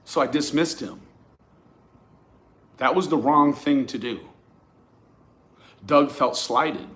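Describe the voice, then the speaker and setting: A man telling a personal story to his viewers in a casual, profane, animated way, often restarting his sentences. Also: mid-range voice, takes it slowly. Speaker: YouTube commentator.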